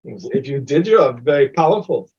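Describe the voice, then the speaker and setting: A man's voice: medium pitch, very animated, moderate pace, darkish tone, breathy edge. A man playing a blunt female giant. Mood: matter-of-fact. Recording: dull lo-fi recording.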